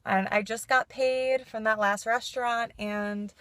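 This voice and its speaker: A woman's voice: a little high, takes it slowly, pauses often, bright, forceful tone, no echo. Chatty New woman vlogger. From New York. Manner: chatty, frequent "like", laughs through frustration. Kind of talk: casual vlog chat.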